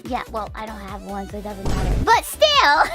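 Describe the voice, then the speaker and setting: A woman streamer chatting playfully, giggling often and teasing, with a squeaky, childlike voice that drops Japanese tags into her sentences. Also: wildly swooping pitch, normal speed. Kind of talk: playful live-stream chat. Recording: loud music over the voice.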